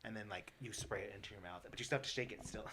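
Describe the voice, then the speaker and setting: A young man hosting a casual podcast, rambling and animated with lots of "like". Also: fairly low pitch, quick pace, a little hiss or hum. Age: young adult. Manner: rambling, animated, many "like" fillers. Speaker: podcast host. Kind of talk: casual chat.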